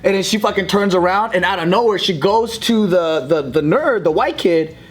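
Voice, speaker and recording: A man co-hosting a podcast, telling a story in a casual, animated way, acting out the quotes and swearing freely. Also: sits high, normal speed. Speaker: podcast co-host.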